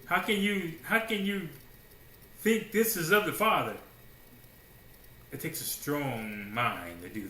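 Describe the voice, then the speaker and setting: A man preaching a sermon in a casual, slangy way, swinging between hushed asides and loud declarations with many rhetorical questions. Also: medium pitch, a little hiss or hum. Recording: roomy echo.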